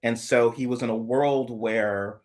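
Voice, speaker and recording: A man's voice: medium pitch, steady tone, unhurried. A man co-hosting a casual live chat, thinking aloud in long analytical asides with frequent restarts. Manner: rambling, analytical, many restarts. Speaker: co-host.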